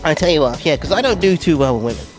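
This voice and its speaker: A young male comedian with a fairly high voice tells a self-deprecating story on stage, acting out the people in it as he goes. Music plays clearly under the whole set, heard through a stage mic at a charity ball. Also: animated, racing. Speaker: stand-up comedian. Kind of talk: stand-up comedy routine.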